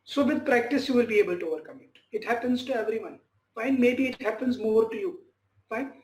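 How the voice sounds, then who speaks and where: A man's voice: very high voice, fairly quick. A male tutor, teaching a speaking class online and reassuring a student with frequent check-ins. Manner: reassuring, repeats "fine" and "okay" as check-ins. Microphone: video call. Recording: echoey room with faint noise.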